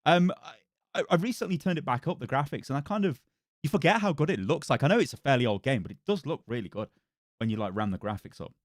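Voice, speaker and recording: A man's voice: fairly high pitch, animated, quick pace, dry recording. A man hosting a live stream in a chatty, easygoing way that is full of laughs. His voice swings up and down a lot. The sound is dry and close, with no room in it. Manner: chatty, laughs often, reads out chat. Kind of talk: casual live-stream chat.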